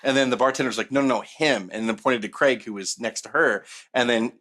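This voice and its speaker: Bright-voiced man telling rambling stories. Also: medium pitch, fairly quick. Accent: Southern Californian. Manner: rambling, animated anecdote-telling with many fillers. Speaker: podcast co-host. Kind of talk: casual storytelling.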